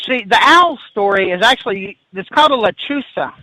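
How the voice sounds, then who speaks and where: A man in his fifties, a podcast guest, telling a spooky story in an animated, excitable way, restarting sentences and laughing as he goes. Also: high voice, fairly quick, no room sound, poor audio. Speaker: guest paranormal investigator.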